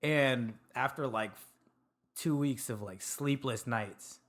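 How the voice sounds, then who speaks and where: A man from Sacramento, a podcast guest telling his story in relaxed, casual chat and swearing now and then. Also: mid-range voice, takes it slowly. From Sacramento, California. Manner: laid-back, laughs often, swears casually. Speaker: podcast guest, food truck owner.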